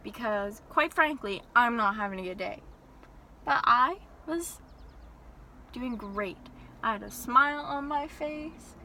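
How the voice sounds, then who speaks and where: A young woman telling an animated, exasperated story-time rant from her parked car. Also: a little high, takes it slowly, low-quality recording. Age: young adult. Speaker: vlogger.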